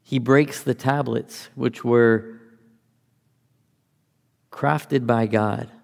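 Gravelly-voiced man teaching scripture. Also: medium pitch, steady tone, drawn-out words, big-room sound. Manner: conversational, thinks aloud while explaining. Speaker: Bible teacher. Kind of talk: Bible teaching, reading and explaining scripture.

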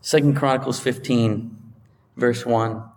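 A man preaching a sermon, emphatic, climbing higher when he drives a point home, sometimes stopping to correct himself as he thinks aloud. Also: fairly even intonation, unhurried, darkish tone, slight background noise. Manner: emphatic, rising in pitch when stressing a point; restarts and self-corrections while thinking aloud. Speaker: pastor.

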